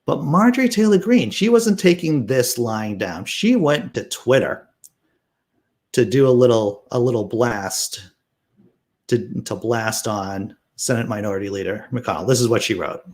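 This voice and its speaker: Speaking unhurriedly in a mid-range voice, this man hosts a casual political commentary stream. He reads news aloud with sarcastic asides, answers chat and laughs animatedly along the way.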